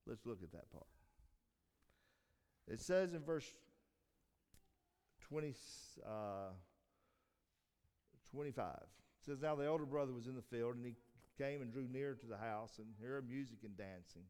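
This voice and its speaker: A man preaching a sermon who repeats and restarts his phrases, rises to emphatic peaks, then trails off low. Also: unhurried, long pauses, darkish tone, clear, resonant tone. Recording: long hall reverb.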